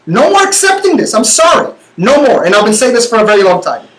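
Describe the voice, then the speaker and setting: A man hosting a talk show, arguing passionately and fast, repeating words when worked up. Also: very high voice, sing-song, a bit bright, echoey room, poor audio. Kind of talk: heated talk-show debate.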